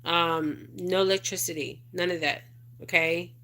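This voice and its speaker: Middle-aged woman, casual livestream host, rambling and repetitive, bright tone, even flat pitch. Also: unhurried. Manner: rambling, repeats "okay?" and "you guys", emotional asides. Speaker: spiritual advisor livestream host. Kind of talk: casual livestream chat reading viewer comments.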